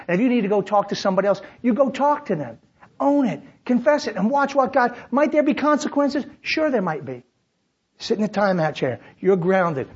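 A man pastor preaching a sermon, passionate, swinging between loud preaching and quiet prayer at a church service, on a dull lo-fi recording. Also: high voice, husky.

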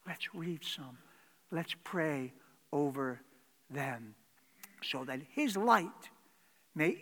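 Male pastor, slow and dramatic sermon, high pitched, surges loud then drops to a whisper. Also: long reverb tail.

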